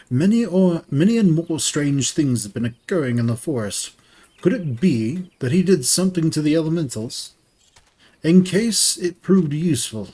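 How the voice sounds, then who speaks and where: A man voicing a formal, worried gentleman in a game reading, speaking in stiff, archaic, courteous phrasing. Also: a little high.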